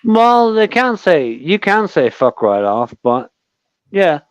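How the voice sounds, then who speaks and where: A man's voice: high voice, sing-song, slow pace, clear, resonant tone, dry recording, poor audio. An Irish man hosting a casual live chat, blunt and emphatic with heavy swearing. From Ireland.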